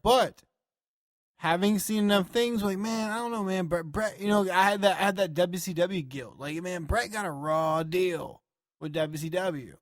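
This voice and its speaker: A man co-hosting a podcast, talking in a rambling, profane and animated way. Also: high-pitched, dry recording, clean studio sound. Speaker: podcast co-host. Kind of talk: casual chat.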